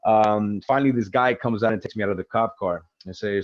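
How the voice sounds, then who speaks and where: A man's voice: lowish voice, brisk, no room sound, highs cut off. Man telling a gritty street story. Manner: profane, animated retelling with acted-out quotes. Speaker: interview guest. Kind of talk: casual storytelling.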